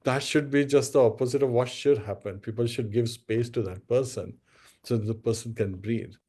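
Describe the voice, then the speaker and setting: A man's voice: mid-range voice, fairly even intonation, normal speed, warm tone. A man giving a devotional discourse, telling a story and addressing listeners as devotees. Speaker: spiritual speaker.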